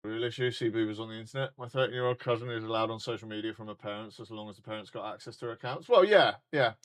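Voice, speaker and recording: A man's voice: on the low side, racing. A man in his forties with a British accent, ranting bluntly and heatedly in a sweary live stream chat. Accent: British English. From United Kingdom. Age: 40s.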